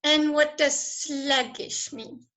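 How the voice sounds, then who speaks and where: A woman teacher giving an online lesson, encouraging and praising students, her voice going a little hoarse from talking a lot. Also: sits high, steady tone, slow pace, a bit bright, poor audio. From South Africa. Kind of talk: online lesson with live chat.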